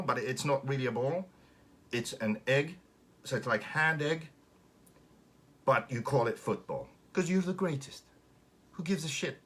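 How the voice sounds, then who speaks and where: A Finnish man with a Finnish accent hosts a casual live stream, launching into an animated, sarcastic rant full of swearing. His voice is mid-range and husky.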